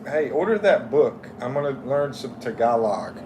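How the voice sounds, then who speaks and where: A man's voice: medium pitch, lively intonation, background noise. A middle-aged man from the United States hosting a casual livestream, reading viewers' comments aloud and chatting in a friendly way. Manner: slow, friendly, reads viewer names aloud. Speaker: livestream host.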